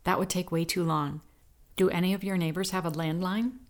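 Woman reading protective woman rescuer, low-pitched, firm, reassuring, audiobook. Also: fairly even intonation, a little fast, lightly acted.

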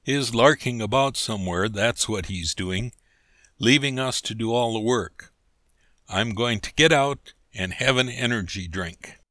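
A man's voice: medium pitch, measured pace, bright, forceful tone, no echo, studio quality. A man voicing an indignant young man who rants and complains on a river trip in a storybook reading. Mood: grumbling. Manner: ranting, complaining.

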